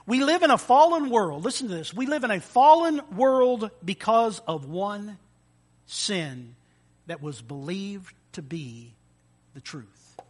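A man preaching a sermon, animated and playful, acting out little scenes with voices and sound effects. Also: high voice, slow. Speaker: pastor.

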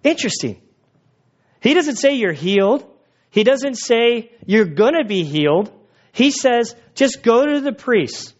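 A man preaching a sermon in a conversational, animated way, retelling the story and acting out the voices of its people. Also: very high-pitched, unhurried, highs cut off. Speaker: pastor.

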